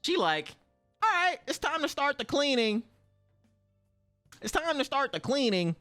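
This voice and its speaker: Young guy streaming, black slang, swears a lot, voice shoots way up on the quotes, some music faint behind him. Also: a little slow. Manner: animated, swears freely, slangy, acts out quotes with big pitch jumps. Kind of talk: casual storytelling to stream chat.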